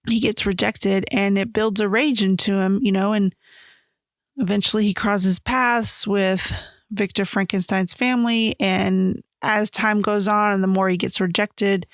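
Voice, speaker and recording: A woman's voice: medium pitch, gravelly, no room sound, studio quality. A woman hosting a casual solo podcast, chatting animatedly and acting out quoted lines in her retellings. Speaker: podcast host. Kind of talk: casual solo book-versus-movie chat.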